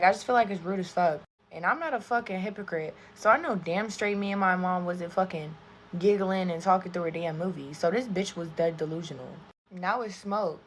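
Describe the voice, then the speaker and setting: A young woman telling a casual storytime while doing her makeup, animated and profane, talking straight to her viewers. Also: mid-range voice, a little hiss or hum. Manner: animated, profane, chatty, addresses viewers as y'all. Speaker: storytime creator.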